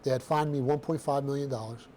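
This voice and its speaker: A man's voice: medium pitch, fast, slight background noise. Blunt streetwise man telling his story. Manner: blunt, streetwise, animated storytelling with casual slang. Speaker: seminar speaker telling his own story. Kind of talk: personal storytelling talk to students.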